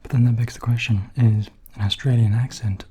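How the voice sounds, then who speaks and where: A man in a whispered role-play, softly rambling between bites of food into a close microphone. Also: mid-range voice, steady tone, a little fast, slight background noise. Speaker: ASMR creator.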